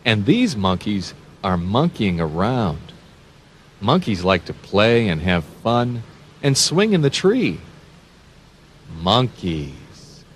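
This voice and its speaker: Man, children's read-along host, very slow, lively sing-song, playful animal noises. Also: fairly low pitch, a little hiss or hum. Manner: sing-song, exaggerated emphasis, animal sound effects.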